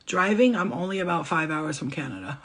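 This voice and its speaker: Brief: woman channeler on a casual livestream, husky voice, quick and blunt, swears freely. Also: low voice, animated. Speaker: spiritual channeler giving a reading.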